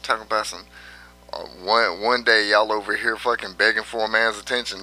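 A man rants on his vlog in a brash, profane way, laughing at his own jabs. His lowish voice has a sharp, tense edge. Faint music plays behind him. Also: steady tone, fairly quick. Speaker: vlogger. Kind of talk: profane rant commentary.

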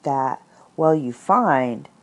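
Calm, pondering storybook bear, read by a woman; unhurried, warm, low. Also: heavily acted. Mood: musing. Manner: calm, musing, encouraging. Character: slow, thoughtful male teddy bear.

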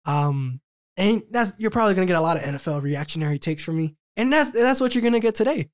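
A man's voice: sits high, lively intonation, quick pace, smooth. A young man co-hosting a podcast in casual, upbeat chat, laughing often. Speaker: podcast co-host.

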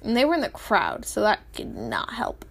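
A woman's voice: mid-range voice, huge pitch swings, moderate pace, creaky. A teenage girl vlogging in a rambling, chatty way, often giggling and apologizing, with a sore, swollen-feeling throat. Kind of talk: casual chat.

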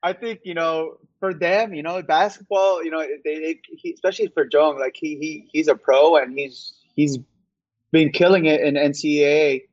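Chill young guy talking hoops, kinda higher voice, dull muffled sound, dry. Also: fairly even intonation, normal speed, no echo. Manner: laid-back, laughs often, many fillers. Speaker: basketball player guest. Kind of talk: casual interview chat.

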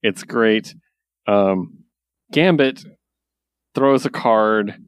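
Man, podcast co-host, casual chat, animated recapping, dry close-miked sound. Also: lowish voice, extremely slow, smooth, no echo. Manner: animated storytelling with filler words. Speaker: podcast co-host, comic reviewer.

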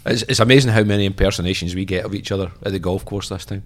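A man's voice: low-pitched, very fast. A Scottish man, a golf caddie, chatting casually and bluntly on a podcast, swearing freely. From Scotland. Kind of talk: casual chat.

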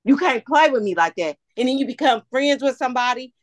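Woman guest, raised pitch, heated profane ranting, dry close sound. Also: lively intonation, a little fast, no echo. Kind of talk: casual chat.

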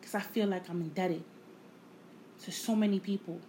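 A woman hosting her own podcast, talking without a script in a reflective, halting way, repeating phrases and swearing casually. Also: fairly low pitch, steady tone, dark tone, slight background noise, low-quality recording. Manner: emotional, candid, casual swearing. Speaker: podcast host. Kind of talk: unscripted personal monologue.

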